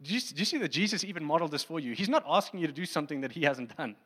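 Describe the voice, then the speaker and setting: A man preaching a sermon in a lively, conversational way, acting out the scenes he describes. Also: on the high side, racing, husky, long reverb tail.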